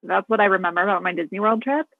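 A woman's voice: medium pitch, racing, gravelly, dry recording. A woman co-hosting a podcast who speaks in a reflective, candid way in casual conversation. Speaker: podcast co-host and clinician. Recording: dry, tinny phone-like line.

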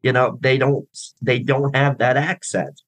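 A man's voice: mid-range voice, fairly even intonation, unhurried, breathy edge, no echo, low-quality recording. A man chatting as an interview guest, talking at length in a rambling way with many restarts and fillers. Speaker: guest, drummer in a tribute band. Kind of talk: casual interview chat.

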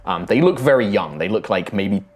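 A man narrating as game master, halting, with many ums and restarts. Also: on the low side, expressive, husky.

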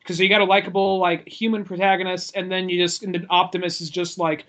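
A man's voice: high voice, level tone, fast talker, hardly any pauses, a bit bright. A man co-hosting a podcast, chatting casually about movies with dry, wry humor. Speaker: podcast co-host. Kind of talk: casual chat.

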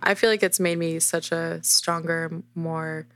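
A woman's voice: low voice, little pitch movement, measured pace, fairly bright tone, no echo. A woman guest talking candidly and thoughtfully about her work as a dancer, earnest and reflective. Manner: earnest, reflective, some restarts. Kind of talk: candid interview answers.

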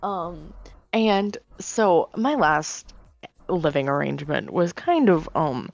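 A woman with a somewhat low voice chats casually on a podcast, rambling through her points with many fillers and restarts. The sound is dull and lo-fi with a dry, close feel and faint music. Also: animated, slow pace, vocal fry, no room sound. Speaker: podcast co-host.

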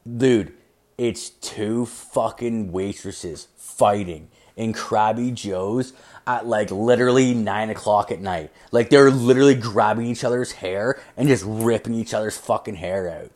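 A man's voice: fairly low pitch, unhurried, a little mellow. A man in his thirties hosting a podcast, telling a long profane story in a rambling, crude way with constant filler words. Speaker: podcast host.

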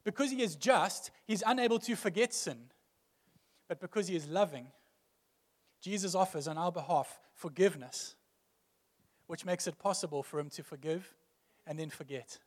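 A man's voice: high-pitched, moderate pace, long pauses, in a large hall. A male pastor preaching a sermon earnestly, building emphasis through repeated phrases.

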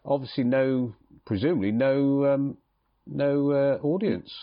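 Soft-spoken man on a muffled line. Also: mid-range voice, unhurried. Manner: soft-spoken, brief replies, trailing off. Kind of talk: casual football chat.

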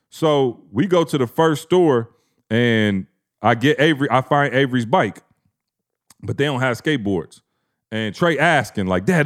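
A man in his thirties, a podcast co-host, telling a family story in casual slang and acting out the quotes. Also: medium pitch.

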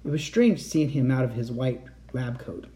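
A man reading a children's chapter book aloud in a lively storytelling way. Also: medium pitch, moderate pace. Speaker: audiobook reader. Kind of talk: scripted narration.

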